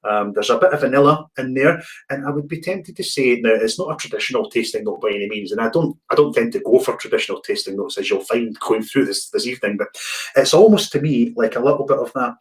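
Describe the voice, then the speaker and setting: A man with a relaxed, chatty manner, hosting an online whisky tasting and often repeating words as he searches for them. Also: medium pitch, quick pace. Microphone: video call.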